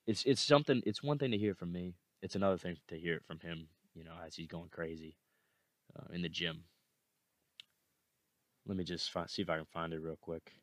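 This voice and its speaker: A young man hosts a motivational podcast in a low voice, recorded dry and close. He repeats his points with earnest, rising conviction. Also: brisk, fairly bright tone, no echo. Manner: earnest, repetitive, fired up. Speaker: podcast host.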